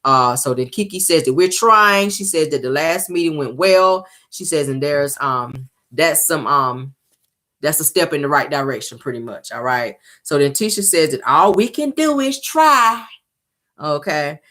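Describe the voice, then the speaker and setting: A woman's voice: sits low, animated, measured pace, fairly bright tone. A woman recapping a reality show episode in a chatty, casual way, slipping into playful impressions. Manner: chatty, drops into playful impressions of cast members.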